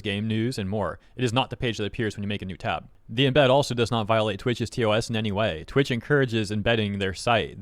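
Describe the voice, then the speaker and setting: A man's voice: on the low side, dry recording. A man giving casual, skeptical commentary as a YouTube host, reading posts aloud and picking them apart. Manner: skeptical, wry, quick commentary.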